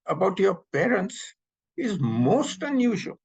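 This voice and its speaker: A man in his seventies, from Pakistan, telling memories as an animated storyteller who acts out the dialogue. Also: high-pitched, unhurried, vocal fry, breathy edge, rough recording. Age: 70s. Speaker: interviewee recounting memories. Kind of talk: storytelling reminiscence. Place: North America.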